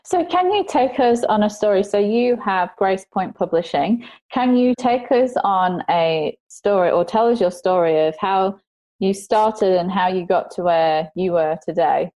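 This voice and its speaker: Podcast host: woman, lively and chatty, quick to laugh. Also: medium pitch. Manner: lively storyteller, laughs easily. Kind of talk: casual interview chat. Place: lives in Australia.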